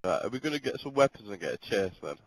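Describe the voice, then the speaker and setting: A man on a headset in game party chat, speaking quietly and mumbling. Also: on the low side, sing-song, fast, husky, rough recording. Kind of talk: casual gaming chat.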